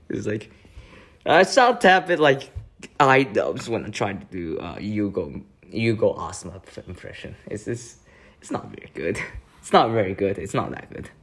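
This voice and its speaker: A man's voice: on the low side, big pitch swings, normal speed, a bit bright. A young man chatting casually as a vlogger, hesitant and laughing often. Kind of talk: casual chat.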